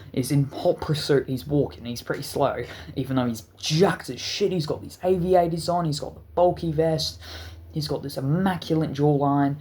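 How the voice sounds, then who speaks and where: Stuttering, cursing storyteller. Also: male voice, fairly high pitch, moderate pace. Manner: stuttering, profane, animated storytelling. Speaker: channel host. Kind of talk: storytime vlog.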